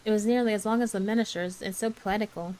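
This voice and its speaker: A woman's voice: mid-range voice, steady tone, fast, warm tone, close to an everyday voice, poor audio. A woman doing a breathless, gushing orphan girl. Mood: earnest. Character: eager, dreamy orphan girl, excitable and talkative. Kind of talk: soft ASMR bedtime story reading.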